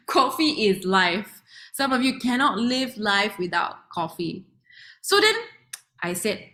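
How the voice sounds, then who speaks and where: A young woman with a Malaysian English accent gives a lively online product demo, chatting quickly and laughing easily as she acts out what her customers say. Her voice sits in the mid range.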